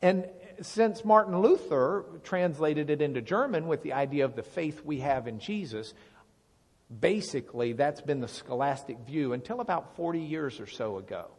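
Animated man teaching in a hall. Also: a little high, moderate pace. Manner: animated, explanatory, asks the room questions. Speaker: Bible teacher. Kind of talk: Bible teaching to a congregation. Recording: long reverb of a large hall.

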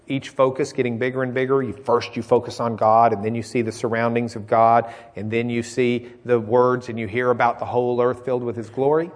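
Guy preaching a sermon, folksy and chatty, mid pitch, gets loud then goes quiet. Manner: folksy, tells jokes, swings from loud emphasis to quiet.

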